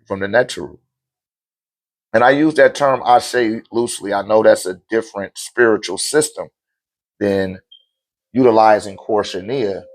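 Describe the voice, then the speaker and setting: A man hosting a live stream in a relaxed, conversational way, speaking in an average-pitched voice. He keeps checking in with listeners as he explains things. When he chants lists of names, he falls into a rhythm and becomes more animated. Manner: loose, conversational, with rhetorical check-ins. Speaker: livestream host answering viewer questions on spirituality. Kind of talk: casual spoken teaching on a live stream. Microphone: streaming mic.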